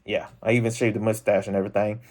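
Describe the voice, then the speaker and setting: A man's voice: lowish voice, little pitch movement, fast talker. Young male vlogger, rambling and self-conscious, talking to camera from his room. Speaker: unboxing vlogger. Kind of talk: casual rambling chat.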